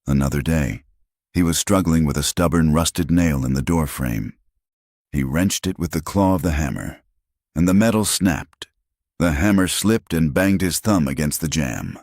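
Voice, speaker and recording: A man with an extremely low, deep voice reads a frontier story as a scripted audiobook, steady and measured. The sound is dry and close, with no room echo at all.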